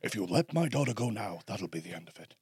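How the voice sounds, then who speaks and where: A man doing an impression of a menacing older male action hero, speaking low and hushed. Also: sing-song, fast talker, slightly rough, no echo, studio quality, exaggerated voice.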